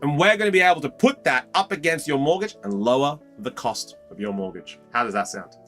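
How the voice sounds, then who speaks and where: A man with an Australian accent voicing an upbeat, smooth-talking male bank manager who is salesy and eager to please. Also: fairly high pitch, fairly quick, fairly bright tone, faint music behind, lightly acted.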